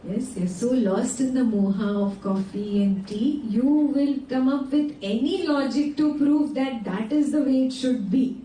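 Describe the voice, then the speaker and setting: A woman teaching a scripture class in a lively, questioning way, with a slightly high but mellow voice. She sounds some distance from the mic in an echoey room, with faint noise behind her. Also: measured pace, few pauses. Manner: animated, asks the class frequent check-in questions. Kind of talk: teaching a class on a sacred text. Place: indoor class room with students.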